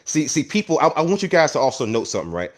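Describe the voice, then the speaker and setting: A man's voice: a little high, very animated, rapid-fire. A man with a South Carolina accent hosting a casual online panel, talking animatedly and often repeating words as he restarts. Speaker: host. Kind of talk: casual live audio panel talk.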